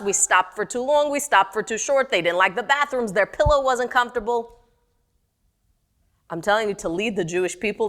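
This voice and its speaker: A middle-aged woman teaching a text-study class, animated and questioning her students. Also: medium pitch.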